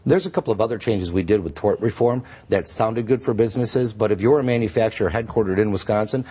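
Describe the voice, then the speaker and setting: A man's voice: lowish voice, fast talker, warm tone, breathy edge. A man, a state senator, giving an earnest and emphatic guest interview on a TV news show in a studio.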